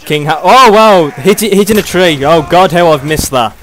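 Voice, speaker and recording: A young British man doing excitable play-by-play commentary on a video game match, chuckling often. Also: high voice, normal speed.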